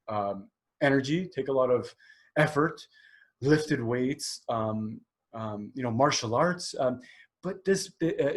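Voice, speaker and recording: A man's voice: medium pitch, darkish tone. Candid rambling man in his forties. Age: 40s. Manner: candid, rambling, lots of fillers and restarts. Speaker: podcast host. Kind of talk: solo podcast monologue.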